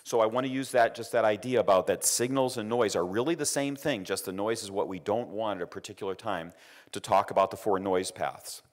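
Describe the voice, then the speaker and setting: A middle-aged man with a lowish voice talks a little fast while giving an engineering lecture. He shares a personal story, repeats his words, and acts out other people's lines by raising his voice.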